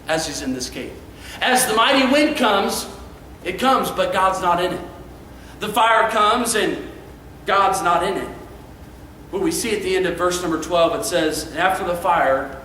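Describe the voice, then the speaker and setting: A man preaching an evening sermon, earnest and emphatic, dropping soft for quiet passages. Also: high-pitched, slight background noise. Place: church sanctuary. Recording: echoey church hall, far from mic.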